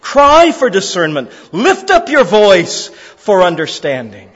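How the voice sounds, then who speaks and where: High-voiced preacher in an echoing hall. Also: male voice, huge pitch swings, slow pace, a bit bright. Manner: earnest, repetitive preaching with rising emphatic calls. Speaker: pastor. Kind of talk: sermon. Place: church service. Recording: roomy hall, slightly dull sound.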